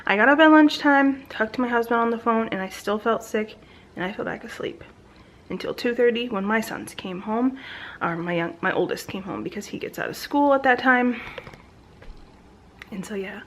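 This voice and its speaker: A woman's voice: on the high side, normal speed, a bit bright, slight background noise, rough recording. A woman in her thirties gives a casual pregnancy update straight to her camera at home. She rambles along in a chatty way, full of ums, likes and restarts, her voice recorded close on the camera. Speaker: vlogger.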